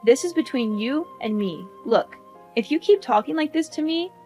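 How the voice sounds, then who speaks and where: A woman's voice: high-pitched, expressive, normal speed, a little mellow, faint music behind. A woman voicing a hurt young wife who speaks earnestly and firmly. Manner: earnest, firm, reproachful.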